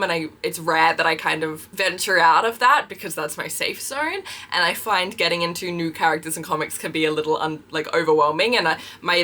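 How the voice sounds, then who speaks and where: A woman's voice: on the low side, bright, forceful tone. A young Australian woman chatting casually in a question-and-answer vlog, bubbly and full of fillers as she tells stories. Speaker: vlogger and party princess performer.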